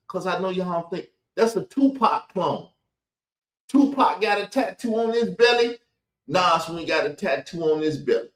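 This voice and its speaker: High-pitched guy ranting casually, repeats himself a lot, echoey room. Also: fairly bright tone. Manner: combative, colloquial, repetitive. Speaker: commentary video host. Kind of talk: rambling commentary on played clips.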